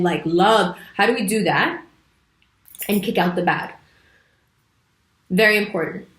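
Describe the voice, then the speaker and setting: Woman chatting about astrology, emphatic and chatty, room echo. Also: mid-range voice. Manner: chatty, emphatic, with sudden playful voices. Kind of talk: casual astrology talk to camera. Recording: echoey room.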